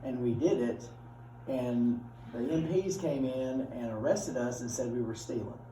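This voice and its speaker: A man's voice: mid-range voice, measured pace, dark tone, slight background noise. A middle-aged man, teaching a class in a casual, joking, chatty way. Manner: folksy, joking, chatty with students. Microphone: far from the speaker. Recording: roomy classroom from far off.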